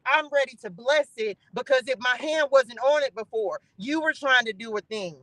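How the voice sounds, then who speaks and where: A woman's voice: sits high, normal speed, fairly bright tone, dry recording, low-quality recording. Preachy woman giving a spiritual message. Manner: preachy, calls out to the Spirit, repeats phrases for emphasis. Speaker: spiritual reader and channel host.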